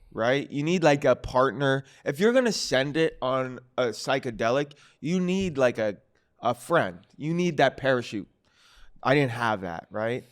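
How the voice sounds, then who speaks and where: A man, a guest comedian, telling stories in a casual, animated and profane way on a podcast. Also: medium pitch. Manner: animated, profane storyteller acting out quotes. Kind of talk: casual storytelling. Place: podcast studio.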